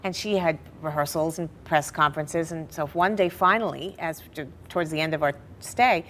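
A middle-aged woman telling family stories in a television interview, animated and laughing now and then. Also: low voice, normal speed, slight background noise. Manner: animated storyteller, laughs through her stories. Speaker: interview guest. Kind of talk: personal storytelling in a TV interview.

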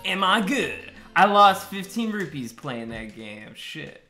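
A man's voice: fairly high pitch, slow pace, few pauses, bright, forceful tone. A young man streaming a video game, swearing and joking sarcastically with his chat in loose, casual commentary. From United States. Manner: swearing, sarcastic, chatting with viewers. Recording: game music playing behind. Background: game music.

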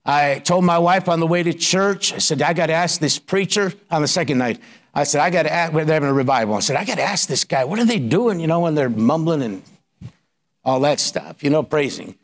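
A man's voice: a little high, animated, brisk. A middle-aged man pastor telling his personal story in a sermon, colloquial and building to emphatic preaching.

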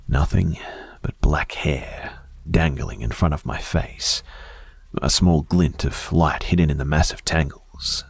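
Man, very deep voice, husky, hushed dramatic horror narration, drops to whispers. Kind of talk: scripted first-person horror narration.

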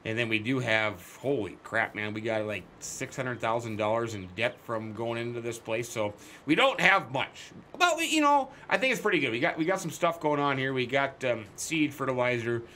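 A man hosting a farming game video, chatting in character with folksy, jokey storytelling and quick exclamations. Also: mid-range voice, pushed and bright, slight background noise. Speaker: gaming channel host. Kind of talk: in-character let's-play commentary.

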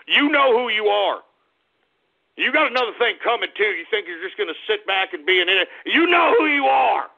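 A man hosting a radio show, scolding his listeners in a combative rant that keeps breaking into shouts. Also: high-pitched, sing-song, brisk, gravelly. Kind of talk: ranting call-out radio talk. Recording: tinny phone-like radio audio.

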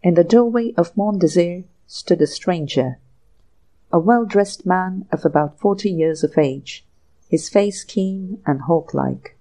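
A woman narrating a classic short story for an audiobook in a measured, even way. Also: lowish voice, rough recording. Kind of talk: scripted narration.

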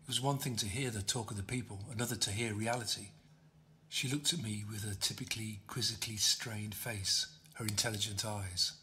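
A man reading his own novel aloud as an audiobook, steady storytelling. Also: on the low side, brisk, slight background noise. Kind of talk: audiobook narration.

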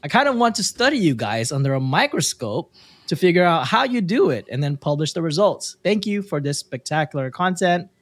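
A man's voice: fairly high pitch, big pitch swings, a little fast, no room sound. A man co-hosting a podcast, reading listener reviews aloud in a playful, joking way. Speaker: podcast co-host. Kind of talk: casual podcast banter.

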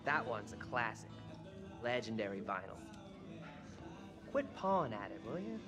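An actor voicing a gruff young man, a touchy vinyl collector who snaps at his family. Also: medium pitch, big pitch swings, a little slow, loud music behind the voice. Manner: gruff, snappy.

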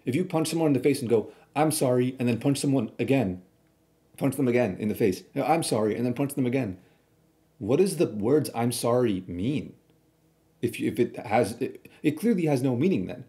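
Blunt, mellow-voiced man reacting. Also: medium pitch, lively intonation, moderate pace. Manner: blunt, argumentative, rambling with restarts. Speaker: streamer reacting to a video. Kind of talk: casual reaction commentary.

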